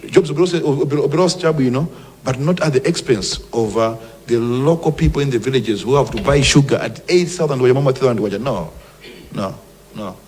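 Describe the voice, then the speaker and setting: A man's voice: medium pitch, fast talker, darkish tone, a little hiss or hum. Emphatic Malawian man at a press briefing. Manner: emphatic and combative, with mocking mimicry. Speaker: government minister giving a press briefing. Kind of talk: press briefing, mixing English and Chichewa.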